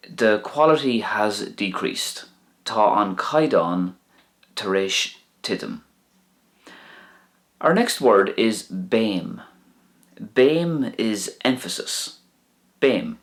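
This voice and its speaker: Slow, deep-voiced man teaching. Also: lively intonation. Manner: speaks slowly and deliberately, repeating each word for learners. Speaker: Irish language teacher. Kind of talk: slow, clear language lesson.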